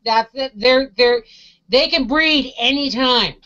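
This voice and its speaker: A woman's voice: sits high, takes it slowly, sharp tone, dull audio. A woman co-hosting a homestead live show, bubbly and talkative in casual chat.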